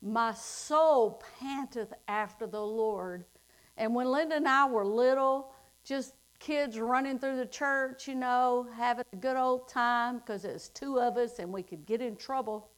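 A middle-aged woman delivers a sermon in a high voice. She takes her time, drawing out the scripture lines and then pressing her points with emphatic force. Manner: slow, drawn-out scripture reading, rising to emphatic declarations. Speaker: preacher.

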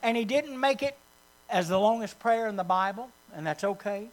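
A pastor preaching a sermon, swinging from loud, rising calls to hushed, low asides, with mains hum behind. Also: male voice, moderate pace, low-quality recording.

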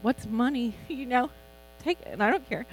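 A middle-aged woman giving an informal, chatty sermon as a Bible teacher, animated and quick to laugh. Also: fairly high pitch, low-quality recording.

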